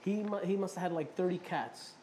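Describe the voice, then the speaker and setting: A male interviewer with a fairly high voice talks fast and chatty. He asks quick questions and jokes about himself. Faint noise runs behind him. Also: a little mellow. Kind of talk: casual interview.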